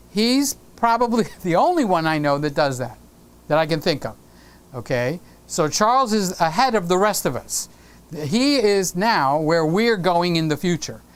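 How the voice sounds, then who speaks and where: A playful, bouncy man hosting a live stream from his home studio. His pitch leaps all over as he chats, teases and greets viewers by name. It is a casual, joking, one-man show.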